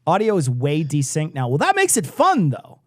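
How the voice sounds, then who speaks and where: A man's voice: on the high side, huge pitch swings, moderate pace, a little hiss or hum. A man from Illinois co-hosting a casual political livestream chat, joking and laughing often as he talks. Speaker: livestream co-host.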